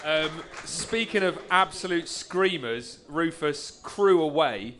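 A man's voice: fairly high pitch, animated, takes it slowly, background noise. A man hosting a live podcast, steering the running order with short prompts. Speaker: podcast host. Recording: live audience behind. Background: crowd.

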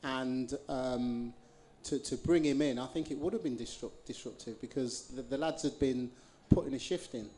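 A man's voice: medium pitch, moderate pace, hardly any pauses, mellow. A man, a former footballer telling stories on a live podcast, laughing and repeating his words as he goes. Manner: chuckling storyteller, repeats words.

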